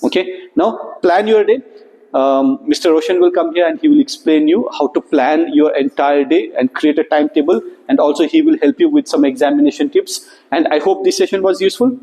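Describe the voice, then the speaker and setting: Energetic man in an echoey hall. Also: fairly high pitch, a little fast. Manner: energetic, checks in with a rising "okay?". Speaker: student workshop trainer. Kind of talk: motivational talk to students.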